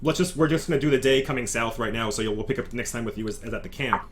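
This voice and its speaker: A man's voice: medium pitch, rapid-fire, slight background noise. A man narrating as game master in a loose, chatty way, full of fillers and restarts.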